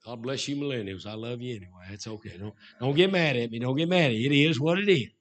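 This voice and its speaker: This middle-aged Baptist preacher moves fast through his sermon, shifting from shouted emphasis down to low asides.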